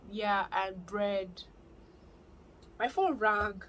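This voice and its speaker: A young adult woman with a Nigerian accent, telling a personal story to her vlog viewers in a lively, excitable way. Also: medium pitch, slow pace, long pauses, low-quality recording. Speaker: vlogger. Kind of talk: casual storytelling to camera.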